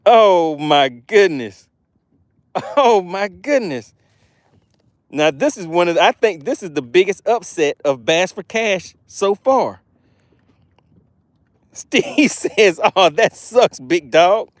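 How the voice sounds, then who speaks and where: A man with a fairly high voice hosts a fishing live stream while out fishing. He reads the chat aloud and bursts into frequent excited exclamations in a chatty, promotional manner. The recording is dry and close, with no room sound. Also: takes it slowly, pauses often, no room sound. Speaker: fishing livestream host.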